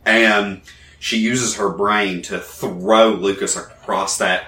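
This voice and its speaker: A man with a lowish, bright, forceful voice chats on a casual podcast. He is animated and laughs often as he retells scenes. The room around him is echoey. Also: slow pace. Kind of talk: casual chat about a TV show.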